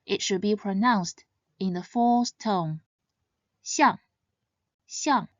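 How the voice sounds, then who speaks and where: A woman teaching pronunciation in a scripted lesson, speaking slowly and carefully and stressing each example sound. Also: medium pitch, darkish tone, no echo, highs cut off. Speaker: language teacher.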